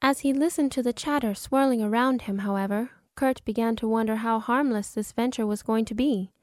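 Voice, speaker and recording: A woman giving dramatic, measured scripted narration of an audiobook. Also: on the high side, no echo, studio quality. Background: cinematic music score.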